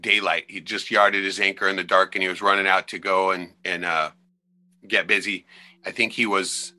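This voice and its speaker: A brash, bright-voiced man telling fishing tales. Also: lowish voice. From Alaska. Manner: profane, animated storyteller. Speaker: podcast guest. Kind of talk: casual storytelling.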